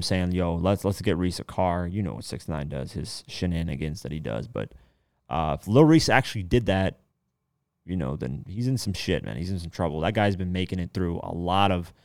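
Man, deep voice, solo podcast host, rambling casual talk, dry close sound. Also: expressive, moderate pace, gravelly, dry recording. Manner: loose, rambling, swears casually.

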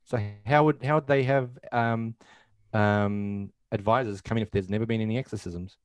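Low-voiced man in casual film chat. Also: fairly even intonation, moderate pace, clean tone, no echo. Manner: retells scenes, acting out lines, many fillers. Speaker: podcast co-host.

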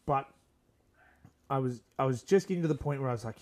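A man's voice: mid-range voice, fast, a little mellow. A young man, hosting a podcast and earnestly telling a rambling personal story, acting out the dialogue. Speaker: podcast host. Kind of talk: casual storytelling.

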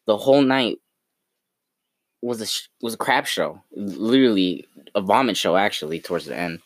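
A young man co-hosting a casual podcast, teasing his friend in a rambling, slangy way. His voice sits on the lower side and sounds dry and close to the mic. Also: animated, normal speed, no echo. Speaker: podcast co-host. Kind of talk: casual chat.

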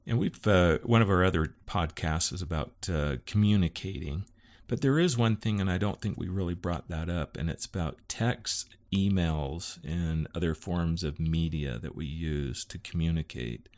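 A man with a very low voice co-hosts a relaxed podcast alongside his wife. He talks things through in a rambling way, backing up to fix his words as he gives everyday examples. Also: moderate pace. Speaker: podcast co-host. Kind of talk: casual podcast chat.

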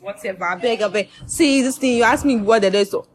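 A woman's voice: on the high side, brisk. A young Nigerian woman hosting a casual podcast chat with a Nigerian accent, teasing her guest, laughing often and slipping into pidgin. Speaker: podcast host. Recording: faint background noise.

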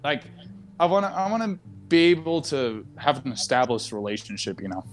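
A man's voice: mid-range voice, sing-song, fairly quick. A young man hosting a casual podcast from his desk at home, talking in a rambling, candid way full of fillers and restarts. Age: young adult. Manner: rambling, open and candid, with frequent fillers and self-interruptions. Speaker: podcast host. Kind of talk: casual chat.

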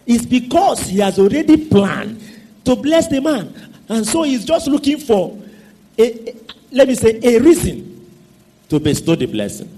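A male preacher, his high, husky voice leaping up and down in pitch. He speaks slowly and leaves gaps for the congregation to finish his sentences. His phrasing stretches out and then swings between loud and soft. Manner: call-and-response questions to the congregation. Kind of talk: sermon.

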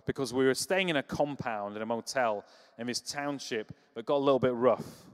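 A man preaching a sermon, telling stories with humor and lively energy. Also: mid-range voice, normal speed, in a large hall. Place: church.

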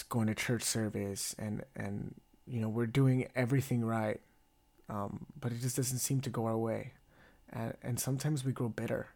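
A man's voice: fairly low pitch, gravelly, a little mellow. A man hosting a casual faith podcast, retelling a story in a rambling, earnest way with many fillers. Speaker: podcast host.

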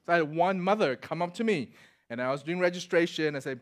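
Singaporean-accented man, middle-aged, lively sermon storyteller, fairly high voice. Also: quick pace. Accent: Singaporean English. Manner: animated, acts out voices in anecdotes, swings loud to soft. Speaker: preacher.

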